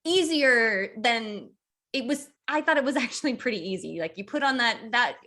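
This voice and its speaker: A woman's voice: on the high side, lively intonation, moderate pace, pushed and bright. A woman, an actress guest, chatting casually in an interview and laughing easily. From Boston area, raised in Georgia.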